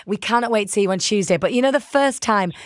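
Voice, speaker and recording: A woman's voice: mid-range voice, quick pace, no echo, clean studio sound. A woman presenting a radio interview, enthusiastic and gushing like a fan.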